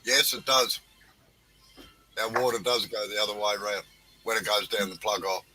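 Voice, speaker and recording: A man's voice: on the low side, fairly even intonation, normal speed, sharp tone, slight background noise, low-quality recording. A man hosting a casual woodworking chat on a video call, bantering with dry jokes. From Australia.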